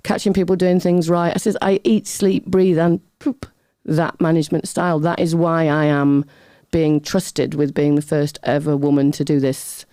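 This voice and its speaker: A middle-aged woman with a warm, mellow voice spins one funny story after another as an interview guest. Her delivery is chatty and self-mocking, and she laughs easily between lines. The sound is close and dry, with no room in it. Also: sits low, moderate pace, few pauses, no echo. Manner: chatty, animated anecdotes with laughter; self-deprecating humor.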